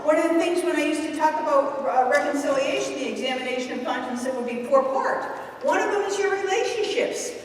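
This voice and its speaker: A woman giving a lively talk to a youth group in a church hall, asking the audience questions. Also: high voice, brisk, a little hiss or hum. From New England. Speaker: speaker at a youth ministry talk. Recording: echoey hall from far off.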